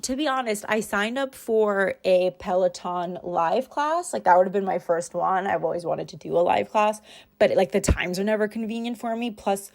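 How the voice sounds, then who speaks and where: A young woman in a rambling, chatty voiceover, recorded at home on her own mic. She talks through her week in a casual, self-deprecating way, with a voice of middling pitch. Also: gravelly. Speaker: planner vlogger.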